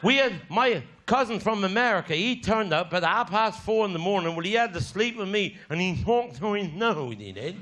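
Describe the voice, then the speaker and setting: Lively Cornish man telling rude yarns. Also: sits high, normal speed, few pauses. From Cornwall. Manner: rambling earthy yarn-spinning with cheeky swearing. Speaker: stand-up comedian. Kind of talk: live stand-up storytelling.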